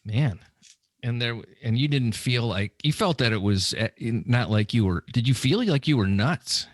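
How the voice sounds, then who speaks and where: A man's voice: medium pitch, expressive, normal speed, dry recording. A man hosting a podcast, asking rambling questions and restarting them, on a close studio mic. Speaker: podcast host. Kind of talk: casual interview questions.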